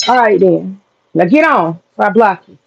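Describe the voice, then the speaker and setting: A woman with a creaky, expressive mid-range voice speaks at a moderate pace while casually ranting to her livestream chat. She's profane and blunt and laughs a lot, and the audio is dull and lo-fi, with faint noise.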